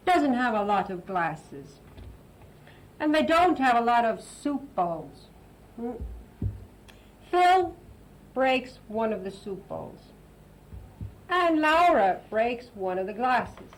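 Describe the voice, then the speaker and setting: A woman's voice: fairly high pitch, a little hiss or hum, low-quality recording. A woman hosting an English lesson for Italian learners, chatting and explaining, now and then translating into Italian. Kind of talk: casual classroom teaching.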